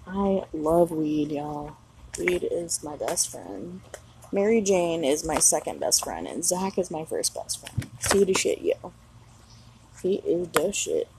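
Woman, 30s, mom vlogging outside at night; profane, blunt rambler with a low, gravelly voice. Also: sing-song, slow, a little mellow, slight background noise, rough recording. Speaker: mother of young children. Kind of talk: casual solo vlog monologue. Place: outdoors at night.

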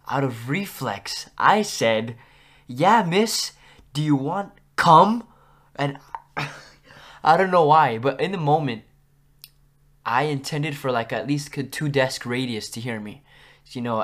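A young man hosting a podcast, telling school stories in a casual, animated way and acting out what people said. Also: mid-range voice. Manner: animated, acts out quotes with big jumps in loudness. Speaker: podcast host. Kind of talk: casual storytelling.

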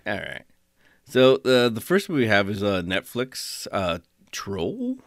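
A man's voice: on the low side, big pitch swings, unhurried, dry recording, clean studio sound. A man hosting a casual chat, rambling with restarts and frequent fillers. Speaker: podcast host.

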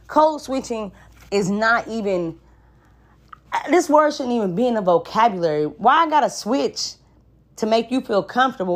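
A woman host delivering a casual solo podcast monologue at a middling pitch. She talks bluntly and emphatically, swears freely and keeps asking the listener whether they follow her. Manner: conversational, asks listeners rhetorical questions.

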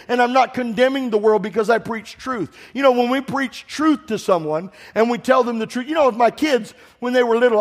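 A man preaching a sermon in a church, impassioned and swelling into shouts, putting direct questions to the congregation. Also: very high voice. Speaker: pastor.

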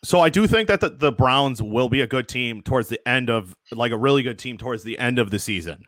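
Young male podcast co-host, mid pitch, dry close sound, blunt and profane. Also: animated, a little fast, fairly bright tone, no echo. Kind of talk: casual sports debate.

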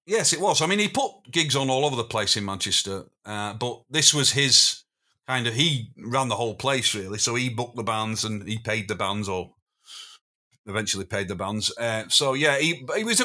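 Rambling, bright-voiced male storyteller. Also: mid-range voice. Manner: rambling storyteller, self-interrupting, chuckling. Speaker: podcast guest, former drummer. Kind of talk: casual anecdotal chat.

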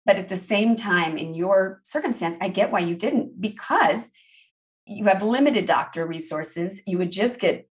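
A woman's voice: medium pitch, unhurried. A woman hosting an interview podcast, speaking in a sympathetic, validating way. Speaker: podcast host. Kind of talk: interview conversation.

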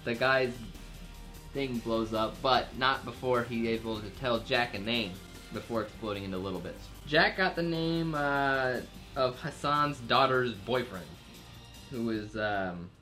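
A man's voice: medium pitch, measured pace, sharp tone, soft background music. A man casually recapping a TV episode's plot for a podcast, rambling with fillers and jokey asides. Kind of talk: casual chat.

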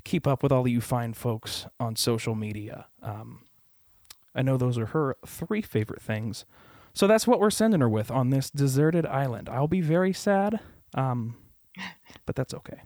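A man speaking a tender, halting message, pausing on soft fillers. His voice sits at an ordinary middle pitch. The recording is close and dry, with no room echo. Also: lively intonation. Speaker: guest, the bride's fiancé.

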